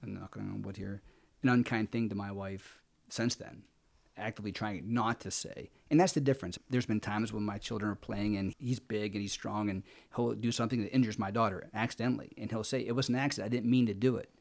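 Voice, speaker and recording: A man's voice: on the low side, steady tone, brisk, vocal fry. A man in his forties, a podcast guest, speaking firmly and earnestly about his faith and his family. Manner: firm, earnest. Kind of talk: conversation.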